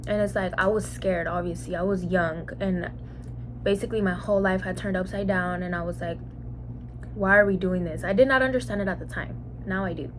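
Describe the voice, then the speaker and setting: A woman's voice: lowish voice, fairly even intonation, fairly quick, a little hiss or hum. A young woman from Mexico telling a personal story in a casual vlog monologue, full of "like"s and acting out what people said. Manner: chatty, many "like"s, acts out quoted lines. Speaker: mukbang vlogger.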